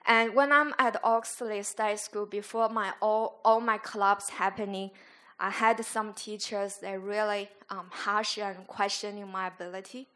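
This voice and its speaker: A woman school chaplain giving an earnest, halting church testimony, sometimes searching for her words. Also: medium pitch, steady tone, sharp tone.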